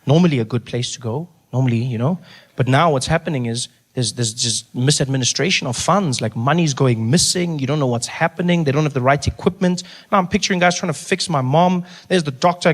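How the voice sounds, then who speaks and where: A man telling a story on stage as a stand-up comedian, animated and acting out voices. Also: medium pitch, a little fast. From South Africa.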